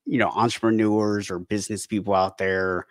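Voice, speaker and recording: A man with a fairly low voice, chatting as a habit coach on a podcast. He talks in a relaxed, conversational way, with lively bursts where he mimics his own worried inner voice. The sound is close and dry, with no room echo. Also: normal speed. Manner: animated storytelling, acting out panicked inner voices; frequent restarts and repeated words. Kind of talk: casual conversational interview.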